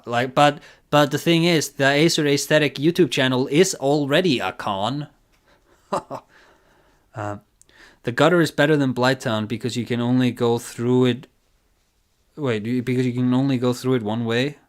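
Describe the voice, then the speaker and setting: A man's voice: medium pitch, moderate pace. A man with a nasal voice streaming a live reaction, chatting casually in a rambling, giggly, self-deprecating way.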